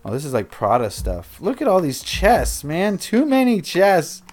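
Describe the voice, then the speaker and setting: A man's voice: high-pitched, huge pitch swings, a little slow, a little mellow. Casual male livestreamer; rambling, self-interrupting chat over faint background music. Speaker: streamer.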